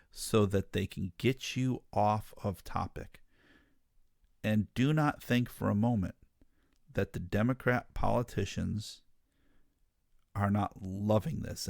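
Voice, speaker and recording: Low gravelly guy preaching hard to his listeners, dead dry room. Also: no room sound. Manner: earnest, emphatic, addresses listeners as folks. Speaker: ministry podcast host. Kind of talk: impassioned monologue.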